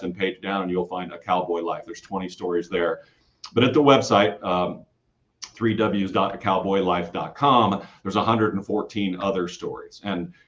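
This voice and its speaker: A man from the Kansas City area, a guest storyteller telling rambling, animated stories with many restarts in a casual interview. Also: low voice. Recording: dull lo-fi audio.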